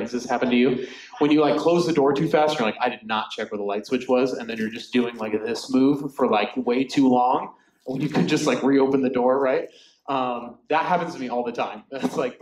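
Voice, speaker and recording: A man's voice: mid-range voice, darkish tone. A man leading a Bible study in a loose, chatty way, full of fillers and asides. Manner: chatty, filler-heavy, often laughs. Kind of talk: casual Bible study teaching. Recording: echoey room.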